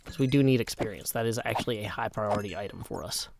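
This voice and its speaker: A man's voice: on the low side, fast, creaky, noisy background. Chatty man streaming a game. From Nashville, Tennessee. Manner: chatty, self-deprecating, often drops to a hushed mutter. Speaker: gaming streamer. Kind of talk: casual live gameplay commentary.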